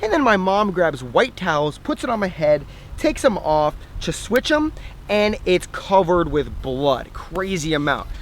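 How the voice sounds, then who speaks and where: A young man talks straight to camera outdoors, telling a story in an animated, chatty way and laughing at himself. His voice sits fairly high for a man. Faint outdoor noise runs underneath. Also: a little slow. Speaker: fitness vlogger.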